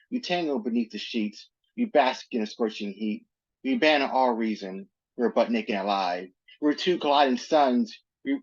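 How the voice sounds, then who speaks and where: A man reciting rhyming spoken word poetry in a rhythmic, measured delivery. The sound is dry and close, and the online call audio comes through dull and lo-fi. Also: mid-range voice, dry recording. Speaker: performing poet. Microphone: video call.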